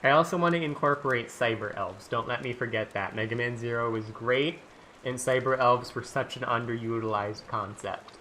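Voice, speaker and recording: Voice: mid-range voice, moderate pace, bright, forceful tone, a little hiss or hum. A streamer thinking aloud during a casual writing stream, talking in loose, rambling sentences full of "like" and restarts. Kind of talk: casual live-stream chat while writing.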